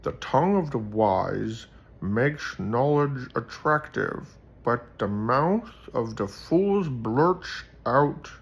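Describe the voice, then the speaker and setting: A man doing a slow husky old wizard. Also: medium pitch, heavily acted. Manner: slow, drawn-out recitation. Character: wise old male fantasy wizard, solemn and measured. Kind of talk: reading scripture aloud in character.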